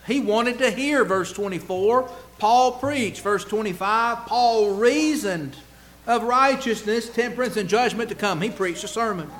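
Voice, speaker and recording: Delivering a sermon, a high-voiced man preaches emphatically, posing rhetorical questions and swinging from loud, stressed lines to hushed asides. A faint hiss or hum sits under the recording.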